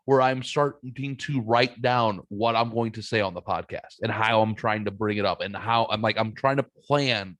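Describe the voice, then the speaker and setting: A man's voice: fairly low pitch, normal speed, hardly any pauses, a bit bright. A man hosting a podcast in casual chat, self-deprecating and swearing freely as he vents. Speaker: podcast host.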